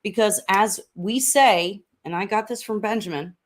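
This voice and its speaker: A woman speaking at medium pitch and normal speed hosts a casual political chat at home as a podcast host and congressional candidate. She is upbeat and chatty, using frequent fillers, in a room of a house under renovation.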